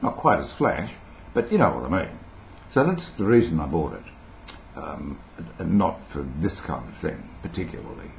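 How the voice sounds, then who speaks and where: A man's voice: rumbling low, sing-song, normal speed, gravelly, muffled recording, slight background noise. An older Australian man with an Australian accent, rambling playfully and eccentrically to his webcam at home. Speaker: vlogger. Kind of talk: casual talk to webcam.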